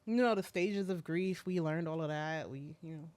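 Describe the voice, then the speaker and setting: The speaker is a thirty-something woman, a school principal, whose fairly low voice comes out soft and halting, full of fillers, as she talks through an emotional interview.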